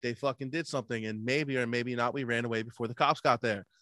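A man telling stories in a casual chat, animated, swearing a lot and laughing often. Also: medium pitch, quick pace, dry recording, studio quality. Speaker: podcast co-host.

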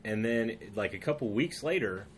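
A man's voice: on the low side, animated, moderate pace, a little hiss or hum. A man from California hosting a podcast, chatting casually and telling stories. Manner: chatty, storytelling. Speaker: podcast host. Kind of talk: casual interview.

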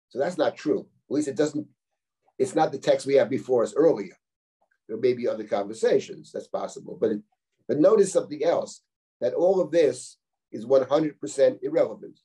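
Man, middle-aged, rabbi lecturing, husky, mellow, explanatory, rhetorical questions. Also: mid-range voice. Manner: reads Hebrew verses aloud and translates them line by line. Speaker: rabbi teaching a class. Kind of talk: live text-study lecture.

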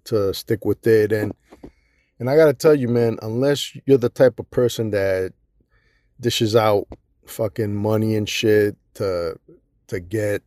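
A man on a podcast talking casually and relaxed, swearing freely. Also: lowish voice, a little slow, dry recording, clean studio sound. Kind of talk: casual chat.

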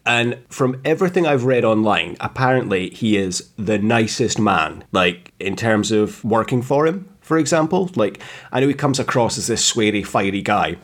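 A man's voice: on the low side, expressive, moderate pace. A man co-hosting a podcast, chatting casually and reacting easily to his co-host. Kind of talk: casual chat.

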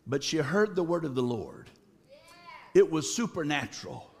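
A man preaching a sermon dramatically, swinging between shouted lines and low, drawn-out words. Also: wildly swooping pitch, big-room sound.

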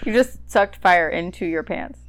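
A woman's voice: on the low side, measured pace. A woman playing a tabletop game, reacting to the others with dry, exasperated retorts. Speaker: player. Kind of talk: in-character tabletop play.

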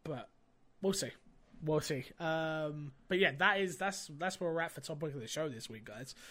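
A man's voice: a little high, moderate pace. Chatty man hosting a podcast. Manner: animated storytelling, lots of fillers. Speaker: podcast host. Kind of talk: casual chat.

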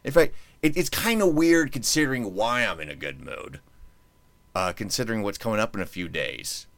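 A man's voice: lowish voice, very animated, moderate pace, vocal fry, fairly bright tone, no room sound. A man hosting his own podcast in casual chat, rambling and joking as he restarts his sentences. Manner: rambling, self-interrupting, joking. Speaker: podcast host.

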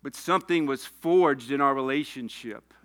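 A man's voice: medium pitch, normal speed, fairly bright tone. A man preaching a sermon, telling a personal story and rising to passionate appeals. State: tearful.

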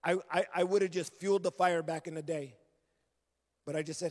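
High-voiced man preaching in a reverberant hall. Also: fairly even intonation, brisk, darkish tone. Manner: earnest storytelling, acting out remembered dialogue. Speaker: guest preacher. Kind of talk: sermon. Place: church sanctuary. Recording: long reverb of a large hall.

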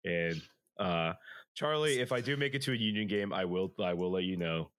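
A hoarse young man co-hosting a podcast, chatting casually with rambling asides and jokes. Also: low voice, moderate pace, a bit bright, dry recording, clean studio sound. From Philadelphia area. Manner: rambling, filler-heavy, joking. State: hoarse after illness. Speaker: podcast co-host. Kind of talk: casual chat.

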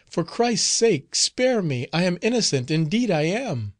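A man's voice: mid-range voice, lively intonation, moderate pace, a bit bright, no room sound, clean studio sound, close to an everyday voice. A man voicing a terrified young woman hiding in a vault, pleading and breathless with fear. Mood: panicked.

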